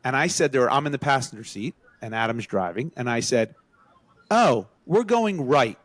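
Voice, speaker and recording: In a dry recording at normal speed, a man co-hosting a podcast spins a story for his friends. He's lively, raising his pitch as he acts out each quote.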